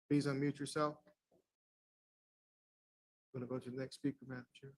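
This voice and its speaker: Guy calling up speakers at a council meeting, flat monotone, all business. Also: mid-range voice, moderate pace, rough recording. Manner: routine, businesslike. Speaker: meeting clerk. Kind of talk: procedural announcements.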